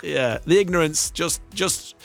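A man's voice: a little high, measured pace, vocal fry, faint music behind. A man from England, hosting a radio show in playful, jokey banter. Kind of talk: casual radio chat.

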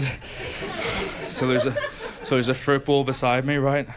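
An Irish man tells a stand-up story on a live stage, building toward punchlines in a chatty way while the crowd laughs. His voice sits at a medium pitch, with a level tone and a slow pace.

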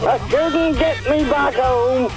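A man calling into a radio show over a phone line, chatting in a slow, laid-back, playful way. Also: very high voice, over loud music. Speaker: caller. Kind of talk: casual radio chat. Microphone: phone line into the studio.

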